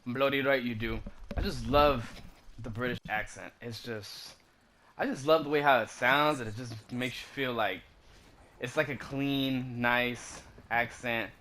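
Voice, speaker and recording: A man's voice: medium pitch, a little slow, pushed and bright, a little hiss or hum. A man casually commenting over a video game walkthrough, laid-back and slangy, drifting into rambling asides. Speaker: gaming commentator.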